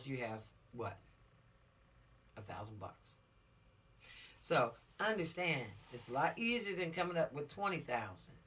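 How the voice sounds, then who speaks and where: A man's voice: fairly high pitch, sharp tone, recorded from a distance. A man giving an informal, preachy law lesson to teenagers, repeating his points for emphasis. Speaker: law instructor for teens.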